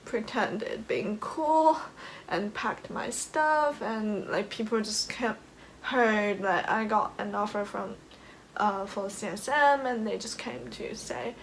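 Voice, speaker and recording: A woman's voice: medium pitch, slow pace, a little hiss or hum, poor audio. A young woman from China telling a personal story to the camera in a casual, emotional way, laughing often and filling with "like". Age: young adult. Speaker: vlogger.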